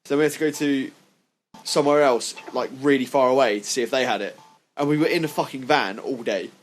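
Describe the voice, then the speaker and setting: Young man, casual podcast chat, sweary, ranting, mid-pitched voice. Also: a little fast, soft background music. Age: young adult. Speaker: podcast co-host.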